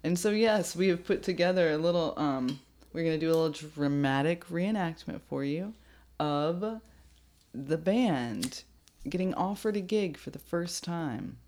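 A woman with a notably low voice hosts a loose podcast chat. She giggles, rambles and trails off as she teases her co-host. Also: lively intonation, unhurried, darkish tone. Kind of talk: casual chat.

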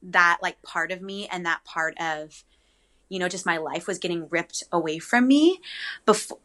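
Bright-voiced young woman telling a story. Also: lowish voice, measured pace. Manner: chatty, animated, frequent ums and likes. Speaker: guest. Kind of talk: casual interview storytelling.

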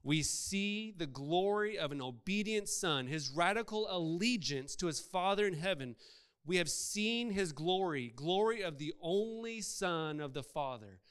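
A male pastor preaches a sermon in a smooth, resonant voice pitched a little high for a man, expressive, unhurried and a bit bright. His style is conversational, and he keeps putting rhetorical questions to the congregation.

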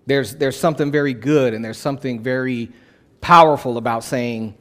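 A man's voice: mid-range voice, normal speed, fairly bright tone. A male pastor preaching a sermon in a conversational way, repeating phrases for emphasis.

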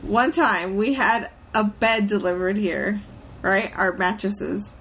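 A woman chatting casually and telling a story with animated energy and offhand swearing. Her voice is at an ordinary pitch for a woman. Faint background noise sits beneath her. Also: takes it slowly.

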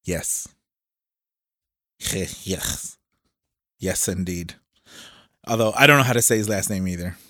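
A man's voice: sits low, normal speed, bright, forceful tone, no room sound, clean studio sound. A man co-hosting a podcast, trading teasing banter and laughing often. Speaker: podcast co-host. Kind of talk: casual banter.

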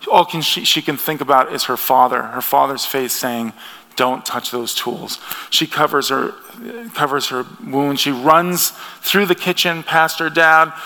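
A man's voice: medium pitch, sharp tone. A man from the United States preaching a sermon in an earnest, conversational way, with frequent restarts. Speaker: pastor. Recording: long hall reverb.

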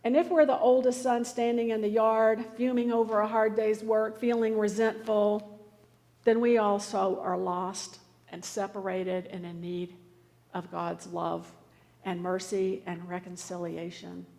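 A woman's voice: medium pitch, little pitch movement, unhurried, darkish tone. A woman preaching a sermon, telling a story in an earnest, pleading way. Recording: reverberant church hall.

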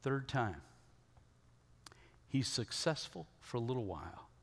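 A male pastor delivers a sermon at an unhurried, deliberate pace, his voice mid-pitched. He tells the story with emphasis and pauses to check in with rhetorical asides. A long hall reverb trails behind every phrase. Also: sing-song.

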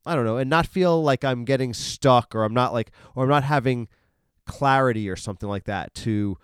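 On his casual solo podcast, a man rambles fairly quickly, swearing freely and peppering his talk with fillers and self-corrections. His medium-pitched voice is clear and resonant, recorded dry at studio quality on a studio podcast microphone.

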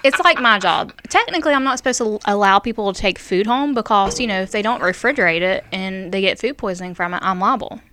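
A woman's voice: mid-range voice, animated, fast talker, few pauses, sharp tone. A woman co-hosting a casual chat, blunt and playful. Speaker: podcast co-host.

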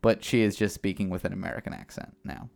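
A man with a low, gravelly voice talks in a loose, rambling way as a co-host. He piles on fillers and restarts, and his voice drags with fry at phrase ends. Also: steady tone, quick pace, a little mellow. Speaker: podcast co-host. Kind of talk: casual wrestling chat.

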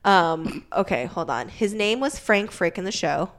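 Animated woman gushing in casual chat. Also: lowish voice, a little slow.

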